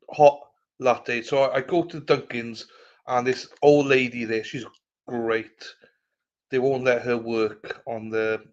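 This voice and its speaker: A man hosting a casual livestream chat. He greets viewers by name and swears freely as he rambles. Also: medium pitch. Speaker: livestream host. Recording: slightly muffled lo-fi audio.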